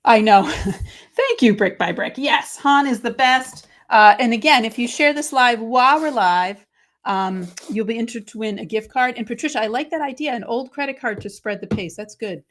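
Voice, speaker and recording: On her live crafting stream, a woman with a voice on the high side talks at a moderate pace while doing papercraft. She reads out viewers' comments and chats with them in an excited, casual way.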